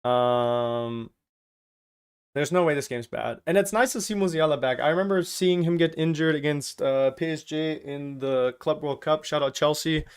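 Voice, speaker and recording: A man from Germany hosts a casual live stream, reading out chat messages and ribbing the viewers as he goes. His voice sits a touch high for a man and comes through smooth and clear. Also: moderate pace. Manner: jokey, reads out and teases chat.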